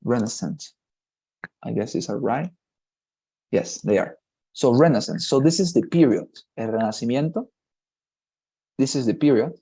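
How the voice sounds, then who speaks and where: A man teaches an English lesson, going through the grammar one step at a time. His voice is dark and mellow, and he keeps asking "right?" to check his students are following. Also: mid-range voice, lively intonation, normal speed, vocal fry, long pauses, husky. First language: Spanish. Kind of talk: online class explanation.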